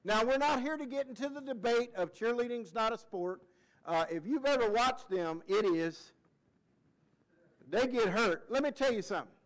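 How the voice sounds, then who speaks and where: A male pastor preaching a folksy, excitable sermon, often breaking into shouted cheers. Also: very high-pitched, moderate pace, rough recording.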